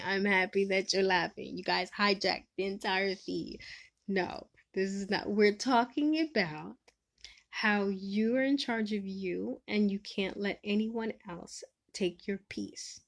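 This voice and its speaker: A woman hosting a casual live stream, giving advice and teasing viewers in the chat, laughing often and swinging between loud and soft. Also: medium pitch, a little slow, creaky.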